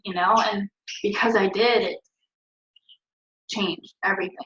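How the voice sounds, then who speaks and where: A young woman rambles cheerfully through an encouraging motivational vlog, her voice sitting at a middle pitch. She is recorded at home from some distance, so the sound is roomy and echoey. The audio is dull and lo-fi. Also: fairly even intonation, a little slow, long pauses, fairly bright tone. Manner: upbeat, chatty, rambling and encouraging. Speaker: network marketing team leader.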